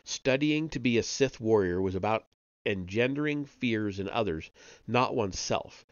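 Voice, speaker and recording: A man reading a novel aloud on a live stream, steady with small slips and self-corrections. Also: lowish voice, normal speed, dry recording, dull audio. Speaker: audiobook reader on a live stream.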